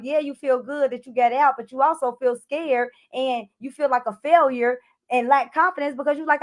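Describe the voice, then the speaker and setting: A woman clarity coach telling an emotional personal story to camera, addressing viewers directly and acting out her own frantic cries for help. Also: high voice. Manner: animated, addresses viewers as y'all, acts out her own panicked shouts.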